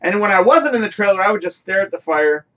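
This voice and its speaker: A man's voice: high voice, animated, fast, bright, forceful tone, far from the mic. A man hosting a live talk show, reminiscing in a rambling, emotional way, often swearing and laughing. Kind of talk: casual chat.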